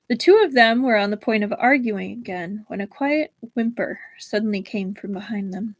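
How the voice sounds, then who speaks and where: A woman reading a novel aloud on a livestream in a measured, expressive storytelling manner. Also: on the high side, no echo, poor audio. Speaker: livestream book reader.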